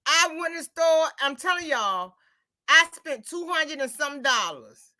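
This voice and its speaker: A woman talks in a relaxed, chatty way, spinning everyday stories. Her voice sits high and bright. She slips into quoted dialogue as she retells what people said. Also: measured pace. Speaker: host. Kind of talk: casual chat.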